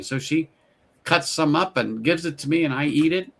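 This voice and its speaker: A middle-aged man hosting a casual chat, telling stories with lively quoted voices and frequent laughter. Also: fairly high pitch, moderate pace, vocal fry. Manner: storytelling, animated quoted voices, laughs often. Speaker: host.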